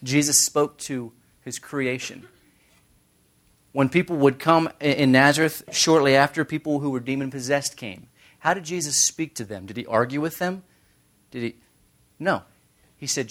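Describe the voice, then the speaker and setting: A man's voice: medium pitch, normal speed, a bit bright. A man teaching a Bible study in a conversational sermon style, making joking asides and quoting scripture.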